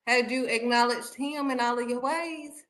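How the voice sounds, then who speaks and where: A woman giving a casual, animated faith talk, speaking straight to her viewers. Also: on the high side, normal speed, reverberant, low-quality recording. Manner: animated, acts out excited voices and exclamations; talks straight to viewers, calling them honey. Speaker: faith vlogger.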